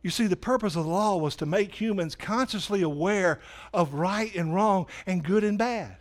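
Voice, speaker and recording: A man preaching a sermon in a church, animated, swinging from loud emphasis to quiet asides. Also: moderate pace. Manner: animated preaching, rises loud for emphasis then drops low. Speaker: pastor. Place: church sanctuary.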